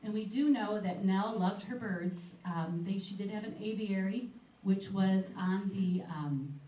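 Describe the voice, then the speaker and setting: A woman's voice: medium pitch, unhurried, warm tone. A woman giving a museum history talk in a conversational manner, reading passages aloud from old articles. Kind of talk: public history presentation. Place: museum program room. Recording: echoey room, speaker far from mic, faint noise.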